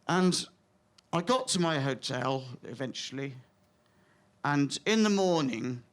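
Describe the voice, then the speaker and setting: A stand-up comedian with a notably high-pitched voice, talking on stage in a theatre. His delivery is excitable and halting, full of stammered restarts, and often sinks into hushed asides.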